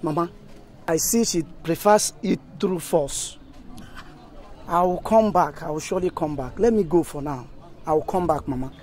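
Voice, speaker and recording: An actor with a Nigerian accent playing a persistent suitor who flatters and wheedles. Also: male voice, on the high side, moderate pace, natural voice. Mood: dismissive. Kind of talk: film dialogue.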